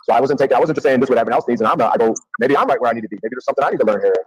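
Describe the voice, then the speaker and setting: A man talking fast and swearing a lot as he tells a story, acting out what people said. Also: mid-range voice, breathy edge, dull audio. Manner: rapid, profane, acts out quotes. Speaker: guest telling a story. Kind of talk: casual chat, storytelling.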